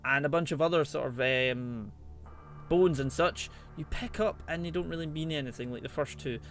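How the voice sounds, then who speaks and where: A man's voice: a little high, moderate pace, a bit bright, soft background music. A man giving chatty, playful let's play commentary, teasing the animals in the game as he plays. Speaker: gaming channel host.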